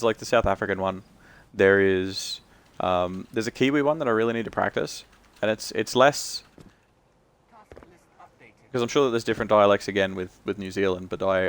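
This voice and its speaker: Croaky low-voiced male streamer. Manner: rambling, many restarts and fillers. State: croaky, tired voice. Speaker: game streamer. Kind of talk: casual chat while gaming.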